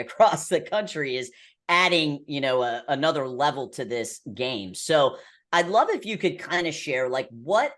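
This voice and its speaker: A man's voice: on the high side, fairly bright tone. Male host asking a long, winding question. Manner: short affirmations, long rambling questions. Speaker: podcast host, interviewer. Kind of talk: casual interview.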